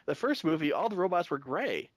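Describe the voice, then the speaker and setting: Halting man in casual fan talk. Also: on the high side, very animated, no room sound. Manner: halting, many restarts and fillers. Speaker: podcast co-host.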